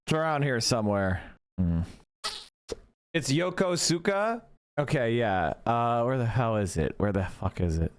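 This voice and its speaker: Animated, profane male streamer. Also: medium pitch, measured pace, clear, resonant tone. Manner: blunt, profane, heated. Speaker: streamer reacting to clips. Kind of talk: casual profane live commentary.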